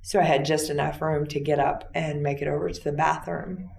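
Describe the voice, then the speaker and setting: A woman interview guest retelling a personal story in a plain, halting way with fillers. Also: deep voice, level tone, vocal fry, a little mellow, echoey room, slight background noise.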